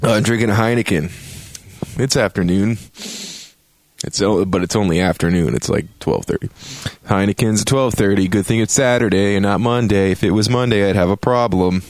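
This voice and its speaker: A man's voice: on the low side, normal speed, a little mellow, dry recording, studio quality. A man hosting a podcast, giving a casual, rambling spoken game review full of swearing and jokey asides. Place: home, drinking a beer on a Saturday.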